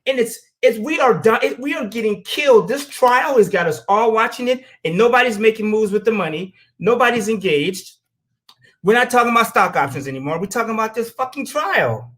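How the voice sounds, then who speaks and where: The host's voice sits high and a bit bright, with lively intonation and a brisk pace. He's an American man giving a profane, blunt opinion monologue on his show, telling stories and performing the quotes in them.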